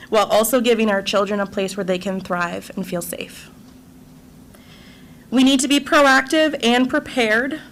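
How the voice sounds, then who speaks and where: A woman's voice: mid-range voice, a bit bright, slight background noise, low-quality recording. A woman, a school board candidate, giving an earnest and emotional prepared campaign speech to a local audience.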